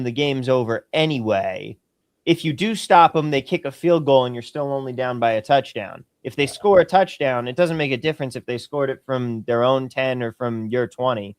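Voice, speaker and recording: A man on a live sports-betting panel, arguing his point logically with dry jokes in casual chat. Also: mid-range voice.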